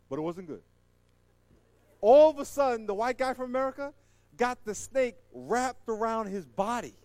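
Man, high-pitched, stand-up storytelling, animated, dry close mic. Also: dry recording. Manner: animated, laughs at his own story, acts out voices. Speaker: comedian.

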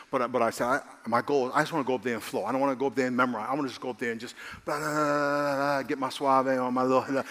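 Animated preacher in a reverberant hall. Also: male voice, mid-range voice. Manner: animated, rising to excited shouts; calls for amens from the congregation. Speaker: pastor. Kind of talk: sermon.

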